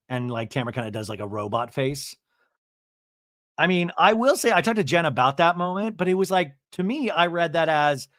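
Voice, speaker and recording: A chatty man recaps reality TV for his podcast, his voice sitting a little high and bouncing all over the place. He talks in a gossipy, joking way and keeps slipping into quick mock voices. The sound is close and dry. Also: lively intonation, a bit bright, no echo. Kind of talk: comedic recap commentary.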